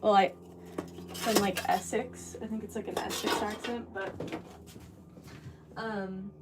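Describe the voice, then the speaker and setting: Speaking slowly in a steady, mid-range voice, a woman potter chats casually on a livestream as she works, rambling and thinking out loud. The recording comes from a distant mic with background noise.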